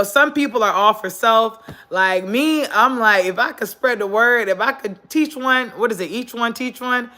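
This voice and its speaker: Medium in pitch with a sharp tone, this woman livestreams casual motivational talk from her phone while seated on the floor. She comes across earnest and preachy, saying her points again for emphasis.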